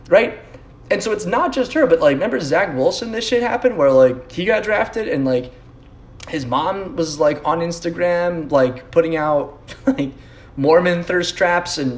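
A young adult man hosting a podcast, ranting casually with sarcasm and lots of swearing, tagging his points with "right?". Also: fairly high pitch. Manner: profane, sarcastic, rambling with frequent "right?". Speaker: podcast host. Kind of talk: casual rant.

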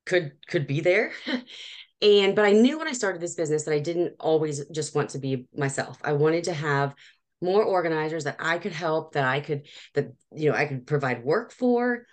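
A woman in her forties talks through her business story as an interview guest, laughing often and restarting her sentences. Her voice sits low for a woman. She sounds lively and eager to share. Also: moderate pace. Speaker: professional organizer, guest. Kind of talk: casual interview chat.

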